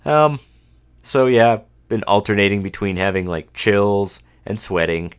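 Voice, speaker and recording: Male podcast host, 30s, from Canada, very low voice, congested, wry casual monologue. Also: animated, measured pace, clear, resonant tone. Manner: dry, self-mocking humor. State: stuffed up from a cold.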